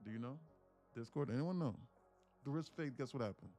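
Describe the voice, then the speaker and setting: Male livestream host, mid-pitched, casual and profane, tells stories. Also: animated, a little fast, warm tone, faint music behind. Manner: storytelling, swears freely. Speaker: day trading livestream host.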